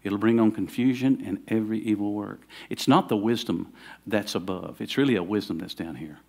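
A man's voice: lowish voice, a little fast, creaky, a little mellow. A middle-aged man, preaching a sermon in a conversational way that builds to fervent emphasis. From Southern United States. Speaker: pastor.

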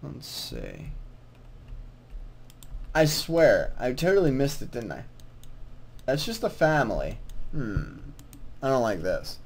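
A young man chats casually while playing through a quest, rambling, mocking himself, and often sounding confused. His mid-range voice has a sing-song lilt and a creaky edge, and he takes things slowly with frequent pauses.

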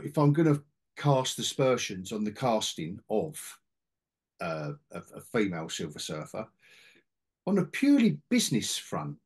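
A man's voice: a little high, breathy edge. A middle-aged man hosting a casual podcast chat about comics, rambling with restarts and asides. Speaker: podcast host, comic collector.

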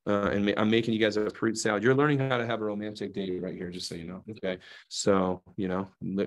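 A man giving a hands-on cooking demonstration, chatty and playful, often checking in with his audience. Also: fairly low pitch. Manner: playful asides while demonstrating. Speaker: knife demonstrator.

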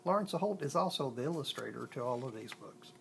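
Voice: mid-range voice, animated, creaky, fairly bright tone, slight background noise. Storyteller reading a picture book aloud. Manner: stumbles and restarts, slows on lists.

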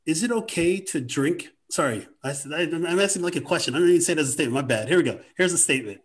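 A man's voice: on the high side, very fast. Upbeat, playful male show host. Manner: upbeat and playful, jokey asides. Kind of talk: hosting a quiz segment.

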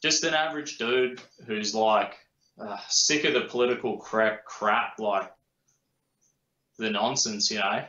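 A young man from New Zealand with a broad Australian accent talks easily as a guest. His voice sits a little low with a bright edge, and the drawn-out, filler-heavy delivery comes through a dull, roomy remote line. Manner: laid-back, rambling, lots of fillers. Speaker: guest YouTuber. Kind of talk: casual interview chat. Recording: echoey, muffled remote call audio.

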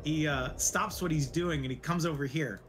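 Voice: mid-range voice, moderate pace. A game master narrating a tabletop game casually, with filler words. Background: music.

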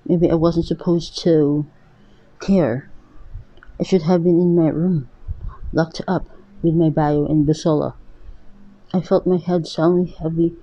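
A narrator reading a first-person story aloud in an earnest, even way. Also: mid-range voice. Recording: dull lo-fi recording.

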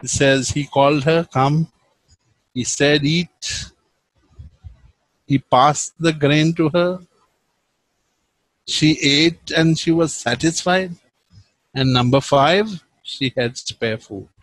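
Lively male preacher. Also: fairly high pitch, slow, no room sound, rough recording. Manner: lively, swings from loud emphasis to hushed tones. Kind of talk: sermon with Bible reading.

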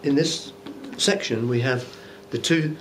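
Bishop preaching in church: man, mid-pitched, chatty musing sermon, soft hiss underneath. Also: measured pace. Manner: conversational and musing, with rhetorical asides. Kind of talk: informal Bible teaching sermon.

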